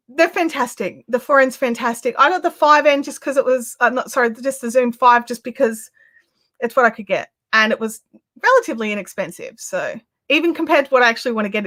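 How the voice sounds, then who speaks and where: A woman hosting a craft live stream in casual, excitable chat, often restarting her sentences. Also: high voice. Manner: chatty and excitable, with frequent restarts. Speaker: craft channel host.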